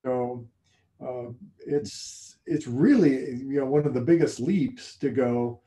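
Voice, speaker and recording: A man co-hosting a casual faith discussion, thoughtful and halting, often restarting his sentences. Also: medium pitch, mellow. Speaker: co-host.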